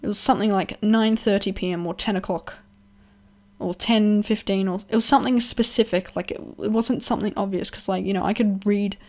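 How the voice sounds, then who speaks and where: A woman's voice: mid-range voice, steady tone, brisk. A young woman telling a personal story in a casual vlog, rambling, swearing freely, laughing often and acting out what others said. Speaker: vlogger.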